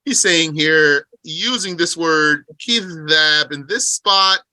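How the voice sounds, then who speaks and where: A man with a very bright, forward voice and a fairly high pitch teaches a religious text. He reads Arabic lines at speed, then slows down to explain them in English and poses questions to his listeners. The sound is close and dry. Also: dry recording. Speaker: teacher explaining a Qur'an commentary.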